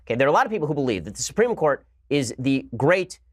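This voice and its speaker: A man's voice: medium pitch, big pitch swings, dry recording. A man hosting a show, delivering a sarcastic political commentary monologue. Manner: rapid-fire, sarcastic. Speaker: host.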